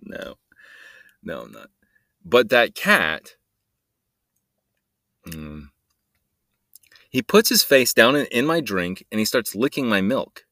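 A man's voice: on the low side, big pitch swings, takes it slowly, pauses often, bright, forceful tone, dry recording, clean studio sound. A man hosting a solo podcast, rambling and joking in a meandering way and trailing off mid-sentence. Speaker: podcast host.

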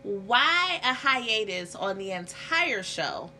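A woman's voice: mid-range voice, slow pace, slight background noise. A woman with an American country accent in casual chat, telling stories animatedly and acting out what people said. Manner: animated storytelling, acts out quoted people.

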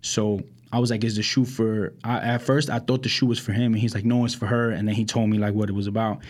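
A man's voice: on the low side, fast. A young man from Brooklyn, a podcast co-host, telling stories in a loose chat, acting out quotes and filling gaps with "like" and "um". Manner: animated storyteller, acts out quotes, many fillers. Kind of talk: casual storytelling chat.

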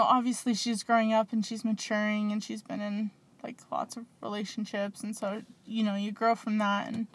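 A woman's voice: a little high, no room sound. A woman hosting a small podcast, rambling and gushing in casual chat with lots of fillers. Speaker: podcast host.

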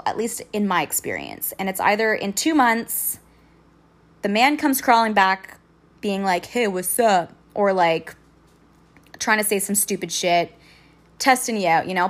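A young woman telling a personal story in a casual vlog, swearing freely and sounding indignant as she recounts it. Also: mid-range voice.

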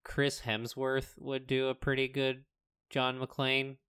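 A man's voice: medium pitch, completely flat delivery, slow pace, fairly bright tone, smooth. A young man co-hosting a podcast in casual chat, enthusiastic and talking himself into his own ideas. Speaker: podcast co-host.

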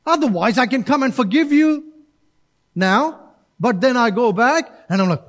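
A man with a strikingly high voice preaches to his church congregation. He is animated, dropping into quick acted-out voices and back to direct appeals. It is a lively, conversational sermon style. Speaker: pastor.

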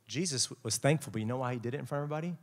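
A young adult man preaching a lively, jokey youth sermon, acting out quotes with big swings in his voice. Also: medium pitch, rapid-fire. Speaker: youth pastor.

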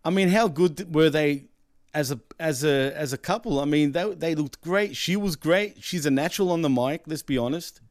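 Male co-host, slightly high voice, chatty, laughs easily, dry close sound. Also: normal speed, no room sound. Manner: chatty, laughs easily, leans on "let's be honest". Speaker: podcast co-host. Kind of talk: casual wrestling chat.

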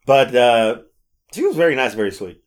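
A man telling stories in a casual chat, animated and swearing freely. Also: mid-range voice, moderate pace. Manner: animated storyteller, acts out quotes, swears freely. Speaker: podcast co-host.

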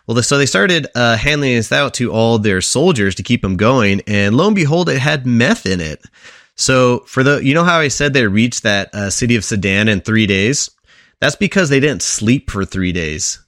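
A man's voice: on the low side, lively intonation, moderate pace, a bit bright, no room sound, studio quality. Man telling history in casual podcast chat. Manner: casual storyteller who quizzes his co-hosts. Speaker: podcast co-host presenting a history segment.

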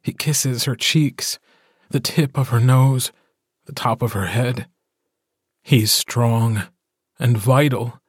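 A man narrating a short story as an audiobook, reading in a slow, measured way. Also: mid-range voice, breathy edge, no room sound, studio quality. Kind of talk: scripted narration.

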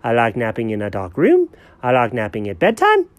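A man voicing a goofy, gullible male house dog who talks slowly to himself. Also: mid-range voice, huge pitch swings, no room sound, pitched below the performer's own voice. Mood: dopey. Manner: slow, dopey and self-talking.

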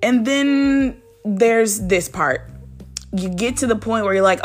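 A woman's voice: a little high, slow, faint music behind. Earnest woman leading a daily devotional. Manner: earnest, conversational, addresses listener directly. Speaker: devotional host.

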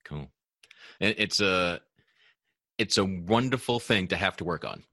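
A man hosting a podcast in casual conversation, playful and quick to laugh, often restarting his sentences. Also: low-pitched, animated, bright, forceful tone, no room sound. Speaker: podcast host.

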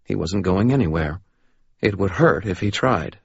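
Male audiobook narrator, dry matter-of-fact delivery, husky voice, dull lo-fi sound. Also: sits low, lively intonation, normal speed, no room sound. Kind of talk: first-person audiobook narration. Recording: dull lo-fi recording.

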